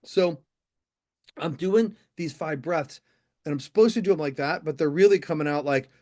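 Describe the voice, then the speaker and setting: High-voiced middle-aged man giving a keynote. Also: normal speed. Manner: animated, addresses the audience directly. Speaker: motivational speaker. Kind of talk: storytelling keynote to a live audience. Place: stage before a live audience.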